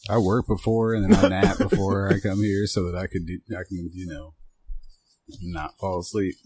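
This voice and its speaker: A man's voice: low voice, steady tone, normal speed, a little mellow, breathy edge, no echo. A man in a casual group chat, joking and crude.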